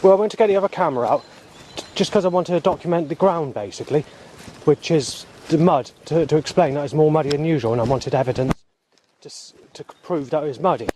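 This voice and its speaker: A man's voice: a little high, quick pace, darkish tone, slight background noise. A man, recording a rambling spoken video diary outdoors on a muddy path with a handheld camera, talking in an agitated, swearing way. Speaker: video diarist.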